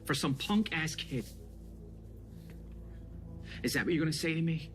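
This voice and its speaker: A middle-aged actor playing a hardened veteran police officer near retirement, pressing and defensive, with a score playing under him. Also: male voice, on the high side, lively intonation, measured pace. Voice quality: hard, pressing. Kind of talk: film drama acting. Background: film score music.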